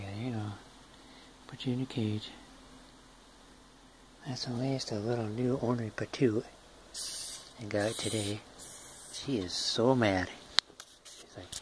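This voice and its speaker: A man's voice: on the low side, steady tone, unhurried, long pauses. A man filming his pet hissing roaches, chatting to them fondly and teasing them with baby talk, recorded on a phone. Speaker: hobby bug keeper. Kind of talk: casual handheld pet video.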